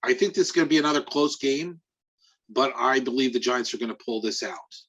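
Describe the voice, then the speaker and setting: Husky, halting sports writer on podcast. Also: male voice, medium pitch, fairly bright tone. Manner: hesitant, halting. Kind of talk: casual sports podcast chat. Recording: dull lo-fi recording.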